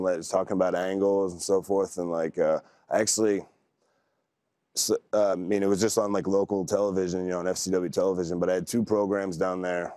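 Low-voiced laid-back man. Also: darkish tone, dry recording. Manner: laid-back, rambling storytelling. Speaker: wrestler guest. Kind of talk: casual interview talk.

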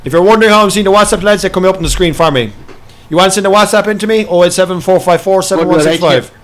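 A man's voice: sits high, rapid-fire, fairly bright tone. An Irish man hosting a live farming game stream, reading out chat and slagging his friends. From Ireland. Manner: banter and slagging, reading out chat, frequent laughs. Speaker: livestream host.

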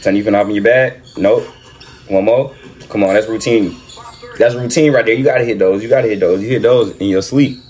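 A man doing excited reaction commentary over a basketball video, repeating himself and talking in slang. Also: fairly low pitch, brisk. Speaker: reaction streamer.

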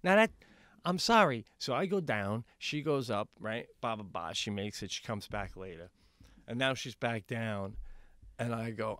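A man co-hosting a podcast, telling a comedic story in casual chat. He talks animatedly, swears freely and jumps into high, excited outbursts. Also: a little slow, no room sound, clean studio sound. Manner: swears freely, says "bro". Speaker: podcast co-host.

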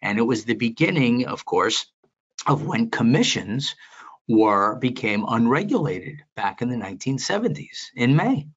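A man's voice: medium pitch, unhurried, slightly rough, highs cut off. Older man spinning rambling stories. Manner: rambling, animated anecdotes with many restarts. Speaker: guest, veteran market analyst. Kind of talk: storytelling interview.

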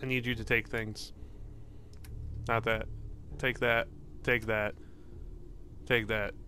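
A man's voice: mid-range voice, little pitch movement, takes it slowly, pushed and bright, a little hiss or hum. A man casually commenting while playing a video game, rambling and joking and swearing now and then. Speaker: gaming video host. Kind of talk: casual let's-play commentary.

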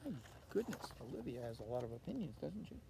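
A man reading a children's picture book aloud for a church, friendly and expressive as he tells the story. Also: mid-range voice, quick pace, vocal fry, a little hiss or hum.

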